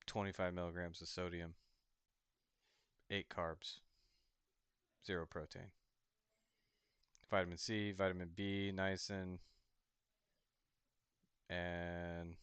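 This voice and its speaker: A man hosting a casual crypto livestream, chatting loosely, chuckling often and reading a product label aloud haltingly. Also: sits low, fairly bright tone, smooth, dry recording. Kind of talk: casual rambling livestream chat.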